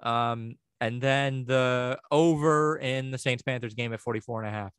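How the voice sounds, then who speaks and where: A man's voice: mid-range voice, fairly even intonation, moderate pace, fairly bright tone, smooth, no echo. A man co-hosting a podcast in casual banter, ranting and joking with a lot of swearing. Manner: crude, joking rants with frequent swearing. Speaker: podcast co-host.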